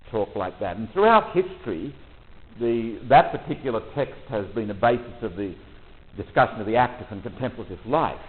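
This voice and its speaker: A man leading a retreat talk for priests, relaxed and conversational, often pausing with ums and restarts. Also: medium pitch. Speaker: retreat leader. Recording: tinny phone-like audio.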